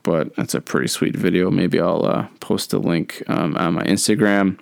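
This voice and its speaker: A man's voice: low-pitched, steady tone, moderate pace, vocal fry, no echo, studio quality. A man in his thirties hosting a solo podcast, chatting in a rambling, easygoing way with many fillers. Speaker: podcast host. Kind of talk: casual solo podcast chat.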